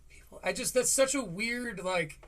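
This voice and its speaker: A man's voice: very high-pitched, moderate pace, a bit bright. A man hosting a live stream, reviewing a podcast in a heated, sarcastic rant.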